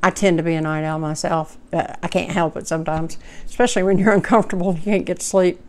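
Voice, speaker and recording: Smooth-voiced woman telling a story. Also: lowish voice, steady tone, fast. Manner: heartfelt, rambling, folksy. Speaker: vlogger. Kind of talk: personal storytelling to camera.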